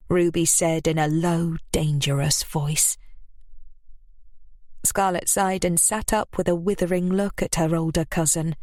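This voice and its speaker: A woman narrating an audiobook in a steady, measured manner. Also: on the low side, dry recording, clean studio sound.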